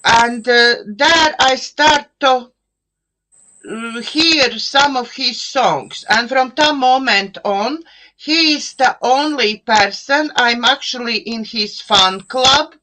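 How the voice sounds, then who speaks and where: A middle-aged woman with an Eastern European accent hosts a live online chat, her voice bright and fairly high. She talks very slowly, pausing and restarting as she searches for words over a video call. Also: low-quality recording. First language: an Eastern European language. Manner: slow, searching, with many fillers and restarts. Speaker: host.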